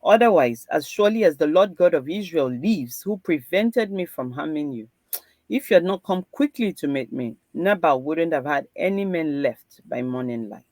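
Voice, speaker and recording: A woman reading Bible passages aloud in a steady, measured way. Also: sits low, no echo. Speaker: host reading scripture aloud.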